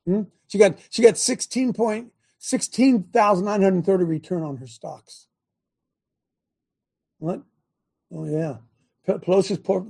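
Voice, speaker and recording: A man's voice: high-pitched, creaky, mellow, breathy edge. A man hosting his own political talk show, speaking in a rhetorical, fired-up way and asking the same questions again and again to his viewers. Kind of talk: animated political commentary to viewers.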